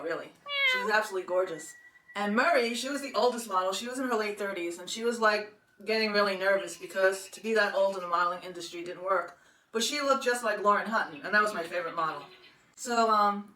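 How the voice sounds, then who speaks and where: This podcast host is a woman in her sixties who tells a long personal story, chatting, rambling and laughing often. Her voice is medium in pitch with a sharp tone. The sound is roomy and distant from the mic, with faint noise.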